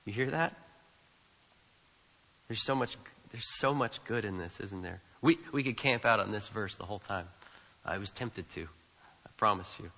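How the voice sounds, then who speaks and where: Man, pastor preaching, emphatic, repetitive, bright tense voice, long echo of a church hall. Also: medium pitch, animated, moderate pace. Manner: emphatic, repeats phrases, asks the congregation questions. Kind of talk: sermon.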